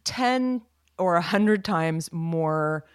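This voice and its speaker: A woman's voice: on the low side, lively intonation, extremely slow, clear, resonant tone, no echo, studio quality. A woman co-hosting a casual podcast chat, sharing rambling anecdotes in an easygoing way. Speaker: podcast co-host.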